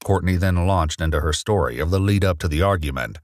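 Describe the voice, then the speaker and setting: Deep male true-crime narrator. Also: brisk, very noisy.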